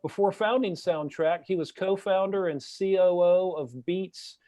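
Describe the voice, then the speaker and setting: A man reads out a formal guest introduction with upbeat presenter energy. His voice sits fairly high but has a soft, mellow tone. The recording is dry and close. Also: unhurried, dry recording. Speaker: show host. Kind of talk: read introduction.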